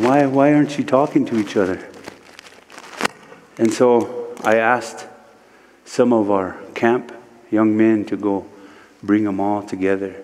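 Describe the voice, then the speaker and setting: A man from Standing Rock, a guest speaker at a church service, telling a spiritual story slowly, with many repeated "he said" lines. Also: lowish voice, steady tone, long reverb tail, noisy background. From Standing Rock, United States. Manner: slow and repetitive, retelling speech with many "he said".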